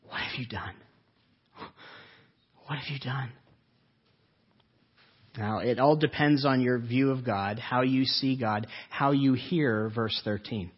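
Male pastor, husky voice, earnest sermon delivery with rhetorical questions, muffled low-fidelity sound. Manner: earnest, asks rhetorical questions, slows for emphasis.

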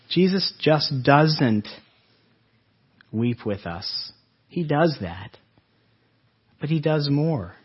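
A man preaching an earnest Easter-season sermon to his congregation, his voice swelling and then dropping soft. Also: fairly high pitch, slightly rough, lo-fi sound. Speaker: pastor.

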